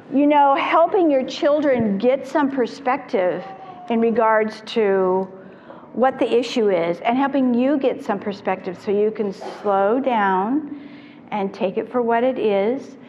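A middle-aged woman, a child therapist, telling stories to parents in an animated way and acting out the voices she quotes. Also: a little high. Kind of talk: storytelling talk to parents. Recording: reverberant hall, dull lo-fi sound, faint noise.

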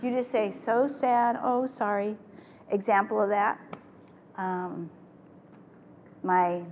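An older woman presenting a parenting workshop to a live audience, talking in an animated way and acting out the phrases she quotes. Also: fairly low pitch, highs cut off. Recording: echoey hall with faint noise.

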